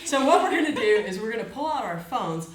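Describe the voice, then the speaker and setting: A woman's voice: a little high, lively intonation, fairly quick, crowd noise. A woman teaching laughter yoga to a group, upbeat and encouraging, often laughing as she explains the exercises. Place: large room with a group. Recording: echoey room with background noise.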